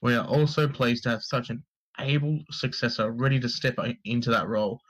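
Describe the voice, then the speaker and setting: A man's voice: medium pitch, a little fast, fairly bright tone, rough recording. A man co-hosting a podcast, reading gaming news aloud in a casual, sweary, joking way and tripping over names. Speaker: podcast co-host.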